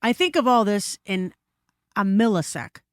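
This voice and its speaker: A woman guest on a podcast telling a story in casual chat, animated and full of swearing and asides, recorded in a studio. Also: medium pitch, normal speed, dry recording. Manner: animated, profane, frequent asides.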